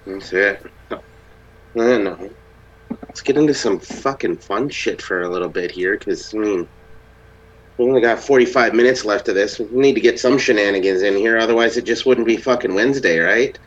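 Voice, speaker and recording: A man with a low voice hosts a casual group chat, loose and profane, laughing along with his guests. The sound is dull and muffled, like a lo-fi call. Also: moderate pace, a little hiss or hum. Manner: loose, swears freely, laughs often. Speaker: podcast host.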